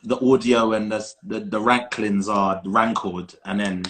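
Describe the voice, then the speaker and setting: A man's voice: fairly low pitch, fairly even intonation, a little slow, background noise. Emphatic London man co-hosting a podcast. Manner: playful, emphatic storytelling, spells words out for effect. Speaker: podcast co-host. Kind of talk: casual chat.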